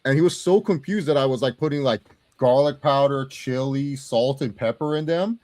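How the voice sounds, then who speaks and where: A young man talks through a film in loose, animated podcast banter, cursing freely and jumping into quoted lines. His voice sits at an ordinary middle pitch. The sound is dry and close to the mic. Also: normal speed, no room sound. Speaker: co-host of a movie review show. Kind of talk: casual podcast chat.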